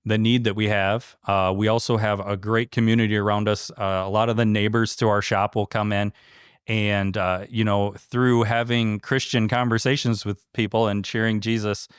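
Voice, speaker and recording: A small-business franchise owner from Michigan speaks earnestly and from the heart in a casual interview, using many fillers and restarts. His voice is fairly low and resonant with little pitch movement, at a moderate pace, recorded clearly in studio quality with no echo.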